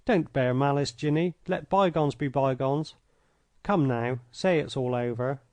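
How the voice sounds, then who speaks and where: A man reading an audiobook, voicing a hot-tempered English gentleman who blusters and makes demands. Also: medium pitch, a little slow, no echo, natural voice. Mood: pleading. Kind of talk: audiobook character voice.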